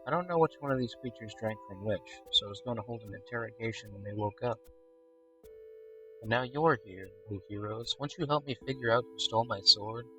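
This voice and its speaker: A man's voice: lowish voice, brisk, bright, forceful tone, faint music behind, low-quality recording. A man voicing a small, self-pitying mouse who pleads in grand, old-fashioned phrases. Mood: dramatic.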